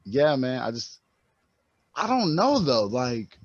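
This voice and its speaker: A man's voice: mid-range voice, slow, lo-fi sound. A man co-hosting a podcast, speaking in casual conversation, telling stories animatedly with lots of slang. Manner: animated storytelling with frequent slang and profanity. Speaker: podcast co-host.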